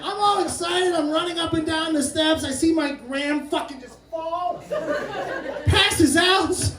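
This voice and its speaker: A man in his late twenties doing a stand-up comedy set, telling brash, profane stories with loud outbursts. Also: very high voice, a little slow, far from the mic. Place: crab shack venue with live audience. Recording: roomy live recording from off-mic, crowd laughter.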